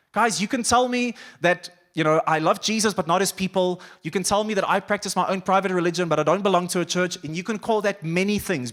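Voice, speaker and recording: Animated high-voiced male pastor preaching. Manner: animated preaching, acting out quoted voices with big swings in loudness. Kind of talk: sermon. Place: church auditorium.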